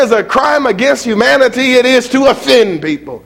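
A male preacher with a high, gravelly voice. He preaches in a lively way that rises and falls, with mocking asides and shouted peaks. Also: normal speed, hardly any pauses. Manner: animated, mocking, swinging from muttered asides to shouts. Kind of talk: sermon.

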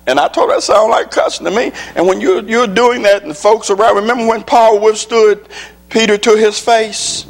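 Gravelly preacher man, emphatic. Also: high-pitched. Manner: emphatic, repetitive preaching cadence. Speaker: preacher and state legislator addressing an audience. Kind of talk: motivational speech with slides.

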